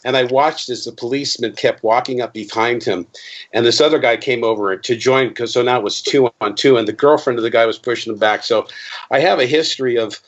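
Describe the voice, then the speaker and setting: Man, 50s, interview guest, rambling, self-correcting, animated storyteller, muffled lo-fi sound. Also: mid-range voice, brisk. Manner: rambling, with many restarts and fillers; animated, acting out quoted voices. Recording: dull lo-fi interview recording.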